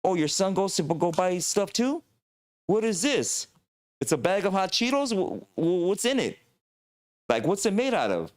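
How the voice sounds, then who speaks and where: A man's voice: sits high, sing-song, moderate pace, pitched above the performer's own voice. A man voicing a bewildered male indigenous warrior brought from the past, firing off incredulous questions in a raised voice.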